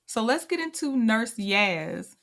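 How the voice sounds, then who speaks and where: A woman hosting a commentary video, retelling the story in a chatty, storytelling way. Her voice is mid-pitched and plain. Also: moderate pace, a bit bright. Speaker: commentary host.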